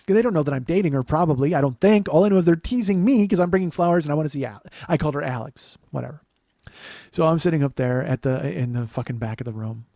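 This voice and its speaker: A man in his forties hosts his own show, spinning a personal story with lots of swearing and self-mockery. His voice sits a little high. The sound is dry and close. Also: no room sound. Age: 40s. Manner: profane, self-deprecating, animated. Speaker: podcast host.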